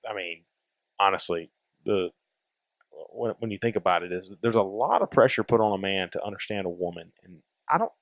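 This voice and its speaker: A man who is a guest on a podcast, talking in casual chat and thinking aloud in a measured way. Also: low voice, lively intonation, dry recording, clean studio sound.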